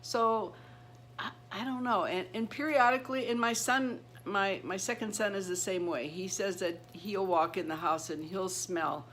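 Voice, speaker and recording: A middle-aged woman hosts her own vlog and shares a personal story. She keeps stopping and restarting, repeating words as she searches for them. Her earnest voice sits at an ordinary pitch, with a faint noise underneath. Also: normal speed, fairly bright tone. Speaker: channel host.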